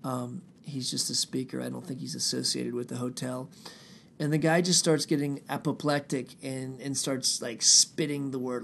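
A man's voice: medium pitch, moderate pace, vocal fry, a little hiss or hum. A man telling a long personal story in a casual, profane, rambling way, often quoting others. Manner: profane, rambling, animated retelling with quoted voices.

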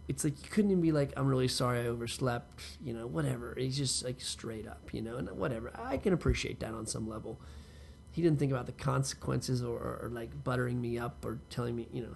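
A man's voice: medium pitch, creaky, darkish tone, a little hiss or hum. A man telling a rambling personal story in casual monologue, swearing freely and talking straight to the listener. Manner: profane, talks straight to the listener, loose rambling asides.

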